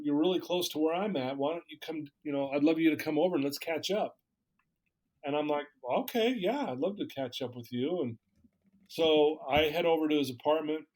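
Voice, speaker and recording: Candid man retelling a personal story. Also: a little high. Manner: candid, acts out quoted dialogue. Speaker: interview guest.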